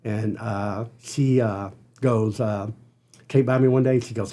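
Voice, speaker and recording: An older man, a podcast guest, telling an earnest personal story with halting restarts. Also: fairly low pitch, fairly even intonation, dark tone. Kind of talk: storytelling interview.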